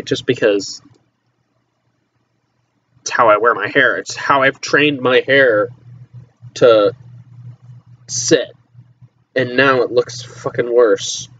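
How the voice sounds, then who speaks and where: A man's voice: medium pitch, a bit bright. Rambling teen guy on a dull laptop mic. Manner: rambling, offhand, swears casually, trails off into mutters. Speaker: vlogger. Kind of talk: casual rambling chat to camera. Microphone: laptop microphone.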